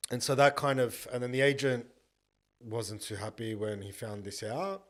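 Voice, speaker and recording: A man, a podcast guest telling a story in a blunt, animated way and acting out both sides of the conversations, with some swearing. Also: mid-range voice, moderate pace. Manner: blunt and profane. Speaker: podcast guest, buyers agent.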